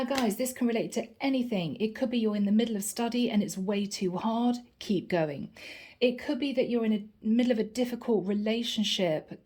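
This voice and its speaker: A woman's voice: fairly high pitch, darkish tone. A woman giving a channeled tarot reading to her viewers, earnest and encouraging, often repeating her key phrases. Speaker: tarot reader.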